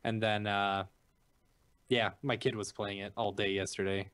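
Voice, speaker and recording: Relaxed podcast co-host, dry sound. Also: male voice, lowish voice, unhurried, clean tone, no room sound. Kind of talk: casual chat.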